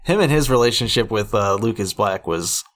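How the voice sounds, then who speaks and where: A man's voice: on the low side, lively intonation, normal speed. A man co-hosting a podcast, chatting casually about a movie, often hesitating and repeating words as he stumbles. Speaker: podcast co-host. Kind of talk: casual movie-review chat.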